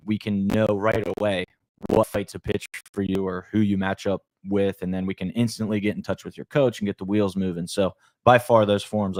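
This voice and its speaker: A man with a low-pitched voice co-hosts a live studio podcast, running through matchups in a loose, slangy way. The sound is dry and close, with no room echo. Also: a little mellow. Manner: laid-back, slangy, says "bro" and "like". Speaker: podcast co-host for a fight promotion. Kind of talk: casual live podcast chat.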